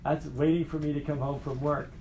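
Middle-aged male teacher, higher voice, lively classroom lecture with faint room hum. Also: fairly quick. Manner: animated, asks the class questions.

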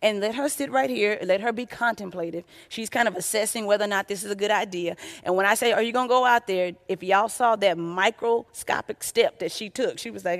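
A woman's voice: mid-range voice, brisk, hardly any pauses. A woman preaching a sermon, often addressing her listeners as y'all. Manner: warm conversational preaching, addresses audience as y'all.

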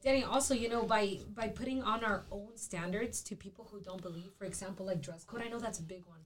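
A woman's voice: mid-range voice, quick pace, a little hiss or hum. Young woman, youth group member, frank casual delivery.

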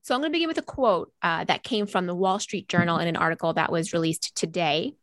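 A woman hosting a business podcast, reading a scripted intro and then leading the talk in an upbeat, measured way. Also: fairly low pitch, a bit bright, no echo. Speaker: podcast host.

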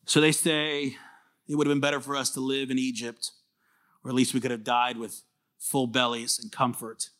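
A man's voice: mid-range voice, normal speed. A man, a pastor, preaching a conversational sermon, acting out little quoted exchanges as he teaches. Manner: animated, conversational, acts out quoted voices.

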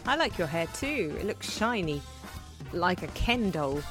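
A British woman co-hosting a podcast, dry and deadpan in a comedy sketch. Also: on the low side, measured pace, over music. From Britain. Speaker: podcast co-host.

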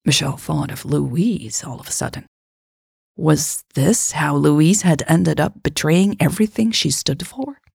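A woman narrating a story in a measured, even reading. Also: sits low, creaky, husky, dry recording, clean studio sound.

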